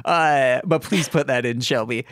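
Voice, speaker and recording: A man's voice: medium pitch, unhurried, a bit bright, smooth, dry recording. A man co-hosting a podcast, riffing jokey ideas in casual chat. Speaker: podcast co-host.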